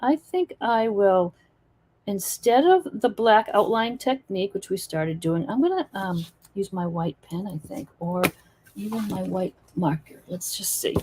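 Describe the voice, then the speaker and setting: A woman's voice: mid-range voice, animated, unhurried, background noise. A woman teaching acrylic painting in a live stream, chatting and encouraging while she works. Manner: chatty, encouraging, thinks aloud while working.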